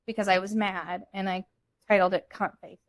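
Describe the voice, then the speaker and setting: A woman's voice: medium pitch, level tone, normal speed, no room sound. Young woman co-host, blunt and candid, mid-range voice, dry close mic. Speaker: podcast co-host. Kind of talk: casual chat.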